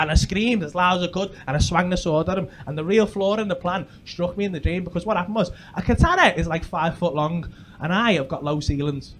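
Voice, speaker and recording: Scouse comic, young, bawdy yelled storytelling; raised pitch, live room noise. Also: male voice. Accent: Liverpool. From England. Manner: swearing, shouts sound effects and battle cries. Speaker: stand-up comedian. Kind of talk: stand-up storytelling. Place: comedy club with audience laughter.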